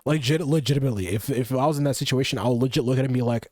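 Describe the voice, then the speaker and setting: A man reacting to a video in loose, casual commentary, blunt and profane, breaking into laughter often. His voice sits dark and mellow, recorded close and dry with no room sound. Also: medium pitch, racing, no room sound.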